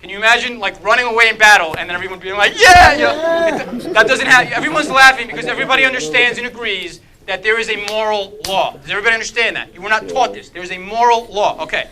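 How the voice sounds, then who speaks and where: A man's voice: sits high, very fast, hardly any pauses, low-quality recording. A man leading a group talk on faith, quizzing the audience with constant "okay?" checks and playful asides. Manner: lively and animated, with a playful humor. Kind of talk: interactive apologetics talk.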